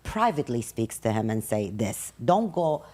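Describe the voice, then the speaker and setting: A middle-aged woman with a notably low voice that rises and falls a great deal. She puts her opinions across emphatically in relaxed podcast talk. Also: normal speed. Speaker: guest, a mother. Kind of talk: casual podcast chat.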